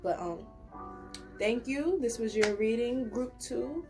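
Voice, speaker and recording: A woman's voice: on the high side, lively intonation, slow pace, over music. A young woman giving a casual, rambling pick-a-card tarot reading to camera, talking earnestly and reassuringly. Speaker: tarot reader.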